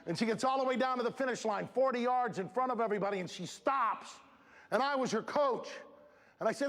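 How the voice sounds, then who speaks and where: A man giving a motivational talk to students at a school assembly, animated and breaking into shouts. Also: very high-pitched, fairly quick. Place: large school hall. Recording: reverberant hall with audience.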